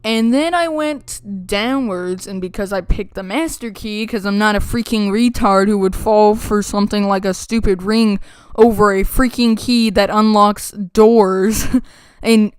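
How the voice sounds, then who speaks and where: A woman's voice: mid-range voice, measured pace, clear, resonant tone, no room sound, studio quality. A woman rambling through a casual game recap, blunt and mocking, laughing between remarks, with a playful put-on country twang. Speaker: gaming channel host.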